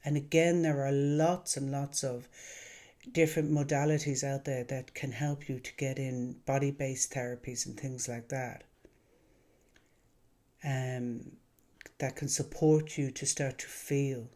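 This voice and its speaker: A man who works as an emotional wellness coach, talking to camera in a gentle, earnest way with many pauses. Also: medium pitch, flat delivery. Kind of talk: calm reflective monologue to camera.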